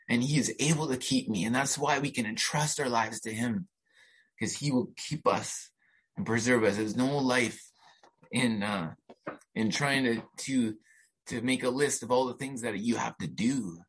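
Husky-voiced middle-aged man preaching. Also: mid-range voice, moderate pace, fairly bright tone, poor audio. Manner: conversational preaching with many restarts and asides. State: emotional, near tears while reading. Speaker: pastor. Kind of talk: sermon.

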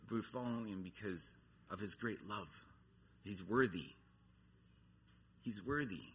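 A man's voice: on the low side, unhurried, a little hiss or hum. A man preaching a sermon, earnest, his voice rising and falling in intensity. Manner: earnest, rises and falls in intensity.

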